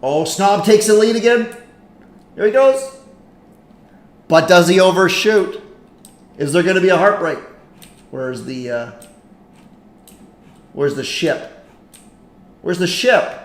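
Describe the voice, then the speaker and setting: A man hosting a live stream in casual commentary, chatty and excitable as he reacts to a game. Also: high-pitched, slow pace, long pauses. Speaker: livestream host. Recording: echoey room with faint noise.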